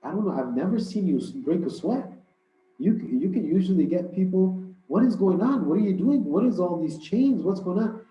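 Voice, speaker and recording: A man's voice: sits high, lively intonation, moderate pace, warm tone, pitched above the performer's own voice. A man voicing an eager, curious male scholar who pesters with questions, in a story told during a religious talk. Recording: roomy, dull lo-fi hall recording.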